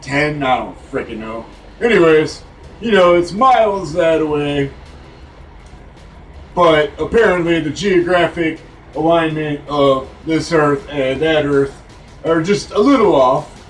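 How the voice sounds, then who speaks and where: A man's voice: a little high, measured pace, distant mic, slight background noise, rough recording. A man telling a rambling, profane story, full of fillers and restarts.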